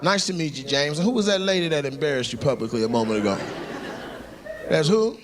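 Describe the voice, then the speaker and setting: Brisk and expressive, with a voice on the high side, a comedian on a club stage needles audience members with crude, brash jokes into a handheld mic. The live recording carries lots of background noise.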